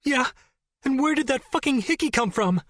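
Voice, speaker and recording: A man's voice: high voice, big pitch swings, slow, breathy edge, dry recording, studio quality, pitched above the performer's own voice, exaggerated voice. A man doing a teary, cracking young woman. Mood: angry. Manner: shouting through tears, voice cracking. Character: tearful young woman, hurt and defiant.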